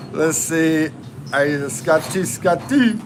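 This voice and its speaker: A man from the U.S. living in the Philippines hosts a casual livestream, laughing and chatting slowly as he reads comments from viewers. His voice sits on the high side, and background noise can be heard.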